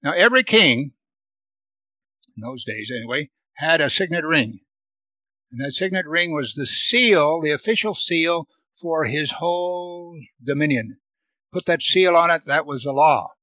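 Speaking at a measured pace, this man works through a Bible passage one verse at a time. He reads the scripture with force, louder and higher, then adds commentary, repeating words to stress them. There's no echo, but the audio quality is poor.

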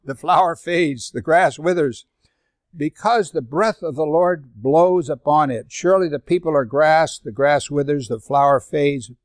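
Older male Bible teacher, higher-pitched voice, dry close recording, reads scripture between casual asides. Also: measured pace, dry recording. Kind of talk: sermon-style Bible study.

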